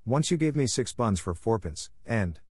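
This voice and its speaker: A man voicing a gentle, earnest little girl who speaks softly and politely. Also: fairly low pitch, big pitch swings, normal speed, slightly rough, dry recording, clean studio sound.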